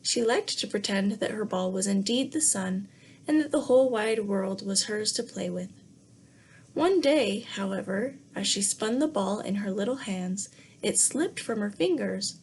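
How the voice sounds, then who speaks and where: A woman teacher reading a fairy tale to young children in a gentle way, pausing to ask the class questions. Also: medium pitch, a little hiss or hum. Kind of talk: read-aloud lesson for young children.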